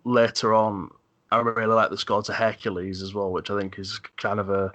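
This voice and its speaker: A man's voice: on the low side, little pitch movement, moderate pace, fairly bright tone, dry recording. A man co-hosting a casual film podcast, talking in a thoughtful, hesitant way with frequent ums. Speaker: podcast co-host.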